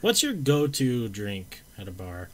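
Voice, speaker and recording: A man's voice: lowish voice, huge pitch swings, measured pace. A young man co-hosting a podcast, asking short, laid-back questions in casual chat. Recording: faint background noise.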